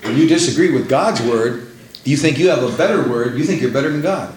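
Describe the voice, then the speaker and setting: A man's voice: mid-range voice, lively intonation, brisk, darkish tone, a little hiss or hum. A man preaching a sermon, emphatic, repeating phrases for effect. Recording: roomy echo.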